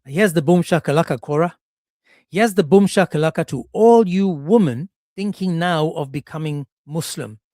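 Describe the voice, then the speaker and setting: A man's voice: fairly high pitch, normal speed, dark tone, dry recording, clean studio sound. A man delivering a mocking, sarcastic commentary monologue, acting out the people he quotes. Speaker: commentary channel host.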